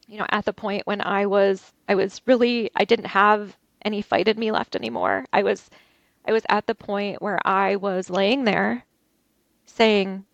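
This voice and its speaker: Gravelly-voiced woman recounting an ordeal. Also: mid-range voice, steady tone, no room sound. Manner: halting, emotional, many restarts. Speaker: interview guest. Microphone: video call.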